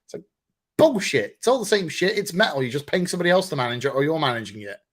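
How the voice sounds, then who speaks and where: A man co-hosting a casual podcast, ranting and swearing with animated delivery. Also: fairly high pitch, fast. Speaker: podcast co-host.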